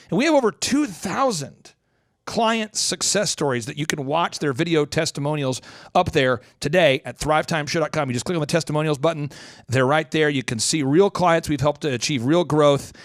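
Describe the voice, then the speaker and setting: Fast, animated podcast host. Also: male voice, fairly high pitch, no echo, studio quality. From Oklahoma. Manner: fast-talking, animated, slips into voice imitations. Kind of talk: energetic motivational monologue.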